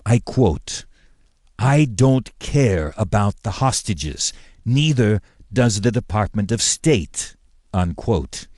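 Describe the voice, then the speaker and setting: A man voicing a formal, indignant male governor who speaks in a measured way with pointed emphasis. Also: lowish voice, lively intonation, a little mellow, no echo, clean studio sound.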